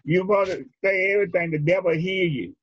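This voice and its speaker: A male preacher giving a sermon in a rhythmic, drawn-out style, calling for responses from his congregation. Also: sits high, breathy edge. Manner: rhythmic, drawn-out phrasing, leads the congregation in repeating lines. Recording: dull lo-fi recording.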